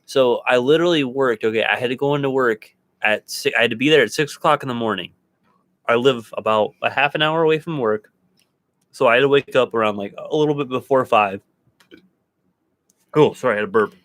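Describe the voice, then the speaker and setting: A man chatting casually as co-host of a paranormal show, his stories wandering with fillers and restarts. His voice sits at an ordinary middle pitch. The sound is close and dry, with no room echo. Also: a little fast, fairly bright tone. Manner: rambling storyteller, many fillers and restarts. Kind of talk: casual chat. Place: home studio.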